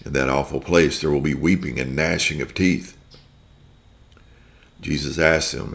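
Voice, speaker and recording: Male scripture reader, deep bass with gravel, steady deliberate reading. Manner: slow, deliberate reading with small slips. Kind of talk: reading aloud a scripture story.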